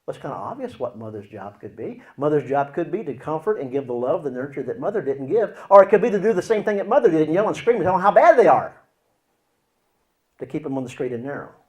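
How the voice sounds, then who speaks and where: A man teaching as a Christian counselor, explaining with acted examples and swinging between loud and hushed delivery. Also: on the high side, big pitch swings, fast talker.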